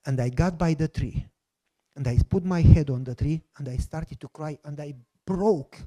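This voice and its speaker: A man's voice: fairly high pitch, moderate pace, mellow. Emphatic preacher man telling his story. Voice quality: non-native broken English grammar. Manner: emphatic storytelling, imitates voices of others in quotes. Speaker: pastor. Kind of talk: sermon testimony.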